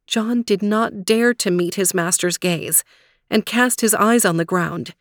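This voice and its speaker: Storyteller: measured woman narrator, unhurried, dry close mic. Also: medium pitch, fairly bright tone, dry recording. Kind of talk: storybook read-aloud.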